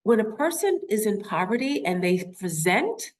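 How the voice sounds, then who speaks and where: A woman's voice: mid-range voice, sing-song, moderate pace, slight background noise. A nurse in her fifties speaking to an audience, telling a personal story with rhetorical questions and acting out the voices she quotes. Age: 50s.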